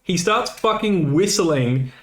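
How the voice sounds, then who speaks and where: A man's voice: high-pitched, animated, slow pace. A man co-hosting a podcast, telling a nightlife story casually with swearing and quoted dialogue. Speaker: podcast co-host. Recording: roomy echo.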